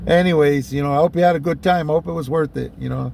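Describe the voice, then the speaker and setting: A middle-aged man spins a personal story in an easygoing, chatty way. His voice sits a touch high for a man and carries a gravelly rasp, and he keeps tossing in "man" and "you know" and small chuckles. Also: darkish tone, slight background noise. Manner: laid-back, peppers speech with "man" and "you know", chuckles often.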